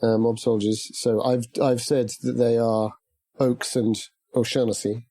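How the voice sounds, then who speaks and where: A man's voice: medium pitch, level tone, measured pace, dark tone, slightly rough, no room sound. A man roleplaying his character in a tabletop horror game, rambling and playful, laughing often. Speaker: player.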